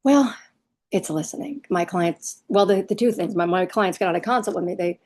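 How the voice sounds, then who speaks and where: A woman's voice: fairly low pitch, moderate pace, darkish tone. A middle-aged woman parenting coach talking casually to camera, chatty and emphatic, firing off rhetorical questions. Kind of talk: casual advice talk to camera.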